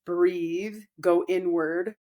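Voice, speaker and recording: A woman co-hosting a podcast, calmly explaining spiritual ideas and acting out inner dialogue. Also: fairly low pitch, very slow. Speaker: podcast co-host. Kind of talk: casual spiritual chat.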